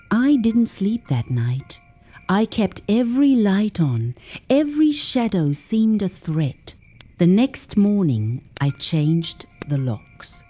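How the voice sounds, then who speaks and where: A woman narrating a first-person story for English learners in a slow, measured way, dropping to whispers at the tense moments. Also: fairly low pitch, warm tone.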